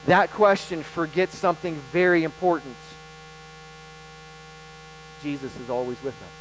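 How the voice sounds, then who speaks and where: A man preaching a sermon as pastor, animated and emphatic, with dramatic pauses. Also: a little high, noisy background.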